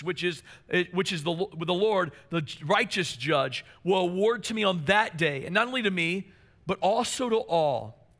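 A man's voice: high-pitched, pushed and bright. A man preaching a sermon as pastor, earnest and emphatic, repeating key phrases for weight.

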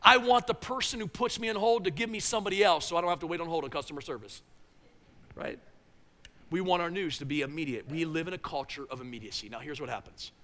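Preacher, higher male voice, emphatic and conversational, long church reverb. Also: fast talker, bright, forceful tone. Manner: conversational, emphatic, repeats phrases. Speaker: pastor. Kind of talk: sermon.

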